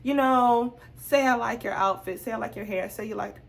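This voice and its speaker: Animated woman telling a story. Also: a little high, normal speed, vocal fry. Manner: animated, acts out both sides of conversations. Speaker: vlogger. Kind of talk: casual storytime.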